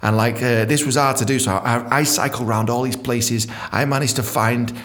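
A man hosting a storytelling podcast, animated, swearing freely and acting out quotes. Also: medium pitch, moderate pace. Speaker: podcast host.

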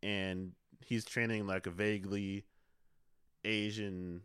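A man's voice: fairly low pitch, flat delivery, slow, fairly bright tone, smooth, no echo. A man chatting casually as a podcast co-host, making dry, wry comments about a movie. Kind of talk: casual chat.

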